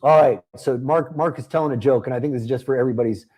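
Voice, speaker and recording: Mellow, upbeat man hosting a webinar. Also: mid-range voice, very fast. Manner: chatty and upbeat, reads out viewers' comments and answers them by name. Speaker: webinar host selling a marketing program. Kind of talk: live webinar sales pitch.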